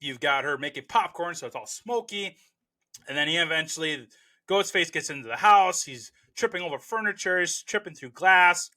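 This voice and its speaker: On his movie review show, a man with a sharp, somewhat high voice rambles happily through a casual film review, full of fillers like "you know" and frequent restarts.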